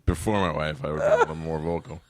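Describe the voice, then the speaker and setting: A man with a very low voice co-hosting a casual comedy podcast. He rambles and restarts as he builds up crude stories. His voice is recorded dry and close to the mic. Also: level tone, no room sound. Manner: rambling, bawdy, with many restarts and drawn-out asides.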